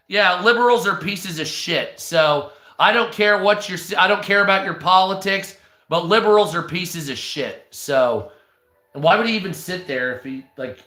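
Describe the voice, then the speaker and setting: A man's voice: high voice, normal speed, bright, forceful tone. A man on a livestream, delivering a crude, heavily profane rant and thanking viewers mid-sentence. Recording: echoey room.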